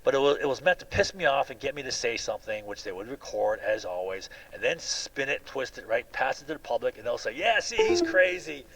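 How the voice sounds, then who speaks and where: A man's voice: medium pitch, fast talker, hardly any pauses, fairly bright tone, poor audio. A man giving a rambling personal monologue in an aggrieved tone, restarting often and asking "right?" after many sentences. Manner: repetitive with frequent restarts. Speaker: video blogger.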